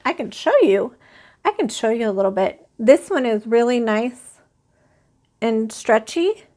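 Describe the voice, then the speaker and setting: A woman with a slightly high voice hosts a casual crochet live stream. She talks slowly and rambles, chatting with viewers in the chat. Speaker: crochet channel host.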